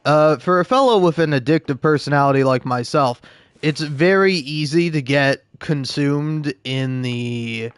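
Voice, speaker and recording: Young man, game streamer, talks in loose rambling asides and self-mockery; slightly high voice, dry close sound. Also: a little slow, clear, resonant tone, dry recording. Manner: rambling, self-deprecating, many false starts. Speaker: gaming livestreamer. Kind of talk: casual live-stream chat.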